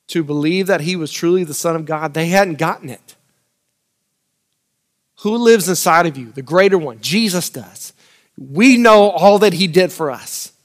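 A man preaching a sermon, swinging between loud, urgent lines and quiet, close asides, and repeating phrases for emphasis. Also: high-pitched.

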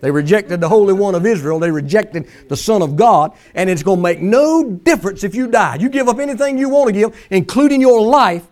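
A man's voice: high voice, lively intonation, a little fast, hardly any pauses, a little mellow. A male pastor preaching a sermon in a folksy, emphatic way, mimicking pleading prayers for effect.

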